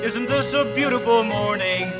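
Perky cocky errand boy, really high voice, echoey cast album with orchestra going. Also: normal speed, over loud music. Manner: perky, boastful. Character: eager young male shop errand boy, cocky. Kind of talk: musical cast recording.

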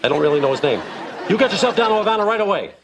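A man's voice: high voice, sing-song, very fast, a crowd in the background, background noise, pitched above the performer's own voice. A man playing a blustery, rambling older team owner who digresses endlessly in a sitcom clip. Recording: sitcom clip with studio audience laughter.

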